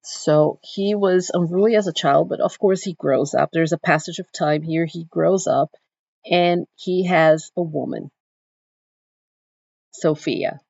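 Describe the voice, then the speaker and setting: Gravelly-voiced woman explaining literature. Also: deep voice, a little slow, darkish tone, no room sound. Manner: thoughtful and explanatory, with restarts. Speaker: literature teacher. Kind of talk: recorded literature lecture. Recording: dull dry recording.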